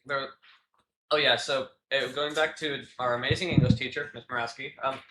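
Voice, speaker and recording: Teen boy podcast co-host, rambly, lots of fillers, bright tone, roomy echo. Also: medium pitch, steady tone, moderate pace. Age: teens. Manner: rambling, many fillers and restarts, laughs often. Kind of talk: casual chat. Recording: echoey room with faint noise.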